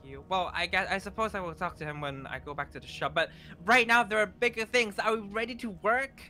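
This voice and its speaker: A man's voice: sits high, fast, pushed and bright. A man roleplaying in a Minecraft series who talks in a flustered, stammering way and keeps repeating words. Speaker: roleplay player.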